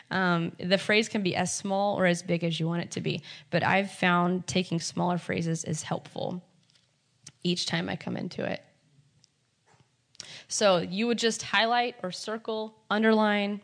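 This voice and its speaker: A woman teaching a small group how to meditate on scripture, speaking in a conversational, encouraging way with frequent ums and restarts. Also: fairly low pitch. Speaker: Bible study teacher. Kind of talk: teaching a Bible meditation workshop.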